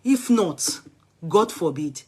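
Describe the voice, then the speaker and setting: This woman's voice is lowish with a breathy edge, slow but full of lively intonation. As a Nigerian-accented vlogger, she gives casual, emphatic celebrity commentary, mixing English, Yoruba and Pidgin as she chats.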